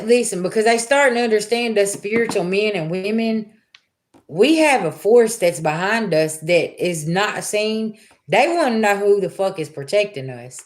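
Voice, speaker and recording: A woman hosting a tarot reading livestream, chatting casually with her viewers and telling a story in a loose, colloquial way. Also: mid-range voice. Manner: chatty storyteller, talks back to chat, colloquial. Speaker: tarot reader livestream host.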